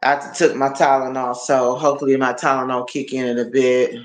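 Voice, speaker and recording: A man's voice: mid-range voice, little pitch movement, a little fast. A man chatting casually on a live stream, rambling and repeating his words as he talks to viewers. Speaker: livestreamer. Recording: roomy echo.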